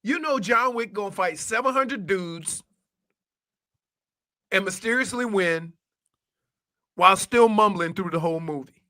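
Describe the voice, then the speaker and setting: A man co-hosting a radio show in casual chat, animated and rambling, often trailing off and restarting. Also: sits high, unhurried, pauses often. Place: radio studio.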